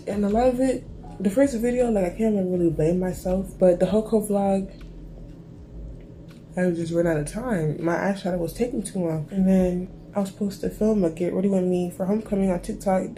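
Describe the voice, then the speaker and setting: A woman's voice: fairly low pitch, mellow, rough recording. A teenage girl with a stuffy cold, chatting casually to camera in a rambling vlog, full of "like" and "bro". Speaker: lifestyle vlogger.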